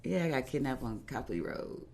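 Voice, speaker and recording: Woman guest, casual storyteller, lively slangy delivery, frequent laughs. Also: a bass voice, a little fast, creaky. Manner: animated, laughing often, plain-spoken slang. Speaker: podcast guest.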